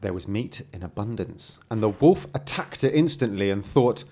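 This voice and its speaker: Man, storyteller, casual read-aloud, playful, lively pitch. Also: moderate pace. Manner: playful, joking asides.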